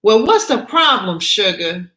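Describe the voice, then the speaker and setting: A woman voicing an older churchgoing woman who scolds loudly and indignantly. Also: mid-range voice, very animated, measured pace, reverberant. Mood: coaxing.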